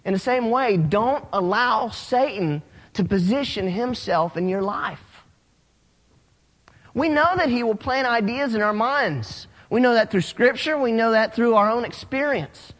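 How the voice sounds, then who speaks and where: A man preaching a sermon as a pastor, telling stories with animated, rising emphasis. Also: extremely high pitch, unhurried. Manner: animated storytelling, rising when excited. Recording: long hall reverb.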